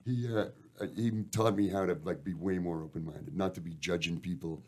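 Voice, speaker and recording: A man's voice: sits low, steady tone, a little fast, darkish tone, slightly rough. A Canadian man, a band member guest on a radio show, telling long rambling stories with lots of swearing and "eh". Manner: rambling, profane, uses "eh". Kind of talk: casual storytelling interview.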